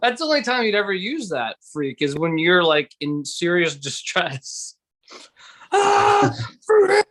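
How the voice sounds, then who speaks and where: A man's voice: fairly high pitch, animated, moderate pace, hardly any pauses, sharp tone. A man co-hosting a casual podcast, teasing playfully and slipping into silly voices. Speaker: podcast co-host. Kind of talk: casual chat.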